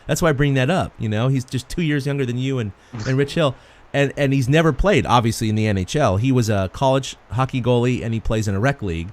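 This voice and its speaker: A man co-hosting a sports podcast, an animated storyteller who laughs often in casual chat. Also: mid-range voice, fast. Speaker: podcast co-host.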